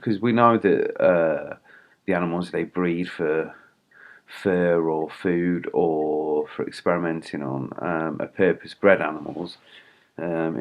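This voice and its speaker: A man vlogging in a rambling, indignant way, swearing and laughing wryly between fillers. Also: deep voice. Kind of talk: casual ranting monologue.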